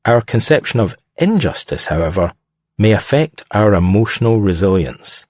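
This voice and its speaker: A man reading scripted narration in a measured, deliberate way. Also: fairly low pitch, big pitch swings, darkish tone, no room sound.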